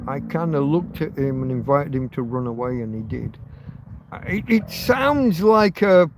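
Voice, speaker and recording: A man's voice: mid-range voice, vocal fry, background noise. A man hosting a rambling livestream, ranting heatedly with plenty of swearing and restarts. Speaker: livestream host.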